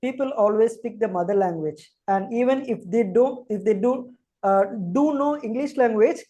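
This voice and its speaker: Woman, interviewer, polite, long asides, mellow tone, slightly high. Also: moderate pace, lo-fi sound. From India. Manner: addresses guest as ma'am, long explanatory asides. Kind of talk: interview questions.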